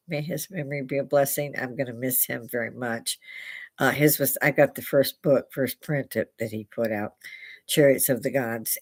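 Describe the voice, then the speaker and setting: A woman's voice: rumbling low, darkish tone. An older woman hosting a casual livestream from a bar, slightly tipsy, rambling through stories with frequent laughs and swearing. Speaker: livestream host.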